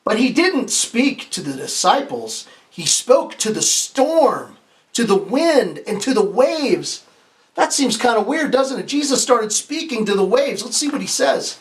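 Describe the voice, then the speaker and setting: This pastor's story-time reading comes in a very high-pitched voice at a slightly slow pace. He brings a children's picture book to life playfully and expressively, breaking off for questions and call-and-repeat lines, with the odd stumble and restart.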